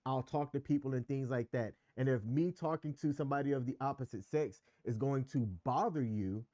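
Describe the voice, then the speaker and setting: In a casual chat about relationships, a male co-host explains his opinions at length, frankly and with emphasis. His mid-range voice is mellow and fairly quick, captured as clean studio sound without any echo.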